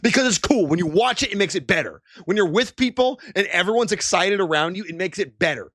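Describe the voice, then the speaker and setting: A man's voice: high voice, lively intonation, a little fast, fairly bright tone, no echo, studio quality. A young man streaming, ranting and swearing in exasperated commentary.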